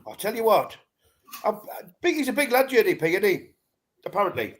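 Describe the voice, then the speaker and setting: High-voiced man in laughing banter. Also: big pitch swings, fairly quick. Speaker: co-host. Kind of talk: casual chat.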